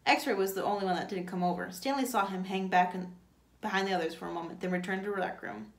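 A woman teacher reads a novel aloud in a plain, steady voice at an ordinary pitch. The recording is roomy, with a noticeable echo around her. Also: quick pace. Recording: echoey room.

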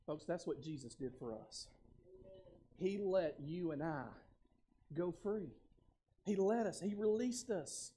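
A man pastor preaching a sermon, moving between loud exhortation and quiet casual asides, repeating words and calling the congregation to respond. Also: sits high, animated, moderate pace, breathy edge. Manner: uses casual everyday speech.

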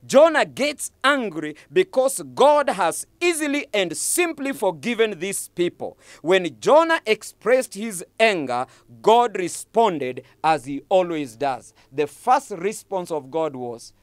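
A male preacher delivers a sermon with emphatic, repeated phrases. His voice is animated, rising and falling widely in pitch. The recording is dry, with no room echo. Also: slow pace, hardly any pauses.

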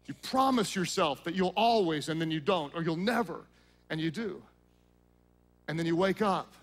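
A male pastor preaching a sermon, acting out Bible scenes in voices and dropping to a low hush at solemn moments. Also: lively intonation, moderate pace.

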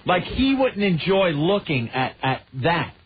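A man hosting a radio show, ranting in casual chat with a mocking, animated manner. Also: on the high side, a little slow. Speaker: radio host. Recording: muffled radio broadcast with faint hiss.

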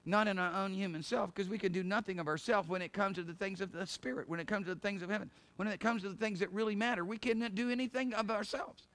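A middle-aged male pastor giving a sermon in an emphatic, conversational way, with laughs and quick asides. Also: high voice, fairly even intonation, a bit bright.

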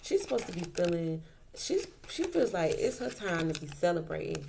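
A woman's voice: lowish voice, very animated, moderate pace, creaky, darkish tone, slight background noise. A woman doing a casual tarot reading, talking in a colloquial way and repeating her points for emphasis. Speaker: tarot reader.

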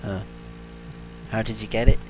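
A man hosting a comedic let's-play, excitable, silly and teasing as he talks over the game. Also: on the low side, moderate pace, a little hiss or hum. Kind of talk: comedic gaming commentary.

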